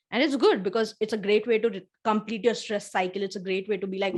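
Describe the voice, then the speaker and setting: Woman co-host, earnest and reflective, casual heart-to-heart talk, mid-pitched voice. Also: fairly quick, hardly any pauses. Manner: earnest, reflective, lively retelling of own feelings. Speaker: podcast co-host.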